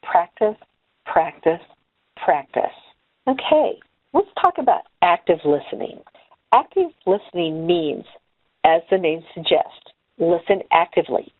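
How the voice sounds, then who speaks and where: Low-voiced woman, tinny and dry. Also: no room sound. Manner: measured, deliberate delivery with pauses. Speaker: trainer. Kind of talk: instructional talk on speaking skills. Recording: tinny phone-like audio.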